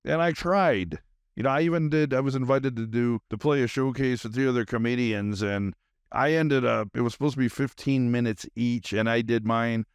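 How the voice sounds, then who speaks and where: A man hosts his own podcast and talks without stopping, wired on caffeine and drifting from one thought to the next. His voice is smooth and resonant at a middling pitch. It is recorded dry and close, with no room sound. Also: moderate pace, no echo. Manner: rambling, nonstop talker with many fillers. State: highly caffeinated. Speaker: podcast host. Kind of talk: rambling solo podcast monologue.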